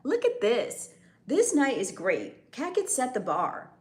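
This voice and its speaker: A woman's voice: fairly high pitch, wildly swooping pitch, slow. A woman hosting a casual live stream, chatting and teasing her viewers. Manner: teasing, chatty, drops into a soft breathy near-whisper. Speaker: livestream host. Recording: echoey room.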